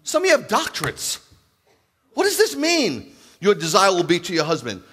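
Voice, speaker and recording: Rabbi guy in his 50s preaching, kinda high voice, joking around and acting out the people in his story. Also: normal speed, breathy edge. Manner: animated, jokey, acts out quoted dialogue. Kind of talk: humorous storytelling sermon.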